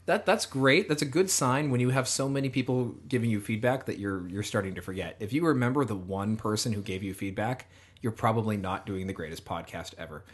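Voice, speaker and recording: Podcast guy, kinda low and husky, jokey chatty vibe. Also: a little fast. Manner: jokey, chatty, reads listener emails. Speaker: podcast co-host. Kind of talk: casual chat.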